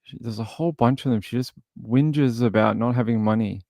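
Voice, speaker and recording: A man's voice: mid-range voice, brisk, gravelly, dark tone, dry recording. Chatty man hosting a livestream. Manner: chatty, thinks aloud while scrolling. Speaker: livestream host. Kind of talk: casual livestream chat.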